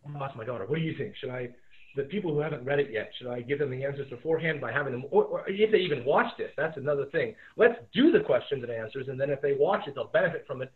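A male teacher talks through a remote lesson in a loose, rambling way, pausing for plenty of ums. The sound is thin and phone-like, as if heard over a call. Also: mid-range voice. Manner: relaxed, rambling, many fillers. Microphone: video call. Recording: tinny phone-like audio.

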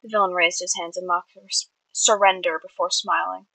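A woman's voice: on the low side, fairly even intonation, normal speed, gravelly, pushed and bright, no room sound, poor audio. A woman reading her own story aloud earnestly, with small slips and restarts. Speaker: amateur writer.

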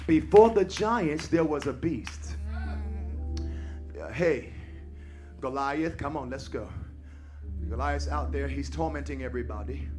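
At a church service, a male pastor preaches with a measured pace, shifting between soft, personal asides and loud, chanting refrains that echo phrase upon phrase and prompt the congregation to reply. Faint music plays behind him.

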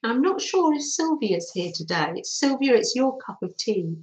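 A woman's voice: on the high side, big pitch swings, moderate pace, roomy sound, poor audio. A middle-aged woman, hosting a chatty live craft stream and greeting her viewers cheerfully. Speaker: craft livestream host.

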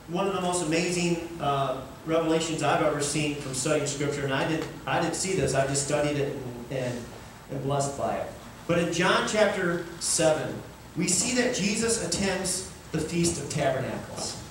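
A man preaching a sermon as pastor, animated and rising to fervent cries. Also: fairly high pitch, a little hiss or hum. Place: large church sanctuary. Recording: echoey room, miked from far off.

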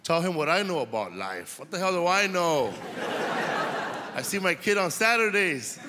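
A man doing a slow, deadpan stand-up set on stage. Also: high-pitched, heavy background noise. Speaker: stand-up comedian. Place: theater stage before a loud audience. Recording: live theater with reverb and loud crowd.

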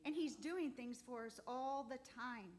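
Heartfelt woman giving church testimony. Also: sits high. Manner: heartfelt, halting, near tears. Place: church sanctuary.

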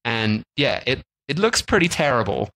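A man's voice: medium pitch, big pitch swings, normal speed, pushed and bright, low-quality recording. A man co-hosting a travel podcast, chatting casually with plenty of "like" and restarts. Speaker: podcast co-host. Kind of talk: casual chat.

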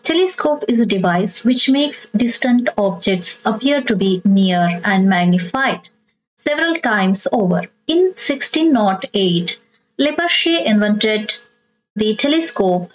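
A woman teacher with an Indian English accent, slowly reading out and explaining textbook exercises. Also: mid-range voice, lively intonation, lo-fi sound. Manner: slow, deliberate reading of exercises.

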